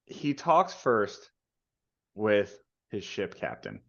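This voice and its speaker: A man's voice: on the low side, huge pitch swings, drawn-out words, creaky, fairly bright tone. A man co-hosting a podcast, chatting casually about a book, laid-back, laughing and swearing freely. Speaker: podcast co-host. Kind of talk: casual book discussion chat. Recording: dull lo-fi recording.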